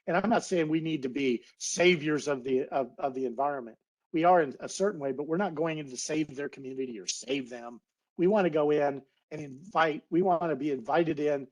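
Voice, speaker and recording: A man's voice: fairly high pitch, a little fast, darkish tone, poor audio. A man giving an earnest, heartfelt webinar talk over a video call, getting a little emotional. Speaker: guest speaker, naturalist biologist.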